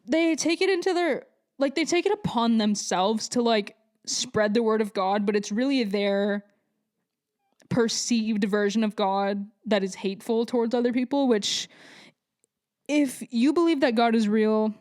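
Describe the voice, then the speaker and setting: A young woman hosting a podcast, telling a story in a blunt, profane, rambling way with lots of fillers, swinging between quick rants and slow drawn-out asides. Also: fairly high pitch, a little mellow. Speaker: podcast host. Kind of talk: casual monologue.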